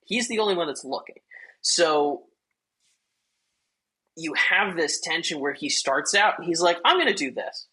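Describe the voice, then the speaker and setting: A man's voice: a little high, a little slow, long pauses, bright, forceful tone, husky, low-quality recording. A man hosting a casual film review chat, rambling loosely with many fillers and acting out quoted lines. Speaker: podcast host.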